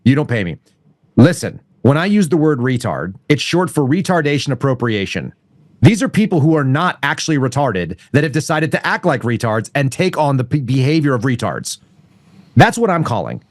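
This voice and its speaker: A man's voice: mid-range voice, very animated, moderate pace, no room sound. Middle-aged male guest, blunt and profane, dry close sound. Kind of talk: casual chat.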